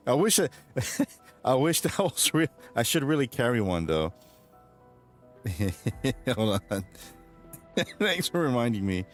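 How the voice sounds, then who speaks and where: A man's voice: medium pitch, sing-song, takes it slowly, long pauses, faint music behind. A man streaming and chatting casually with his viewers, rambling, swearing, and laughing often. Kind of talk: casual livestream chat.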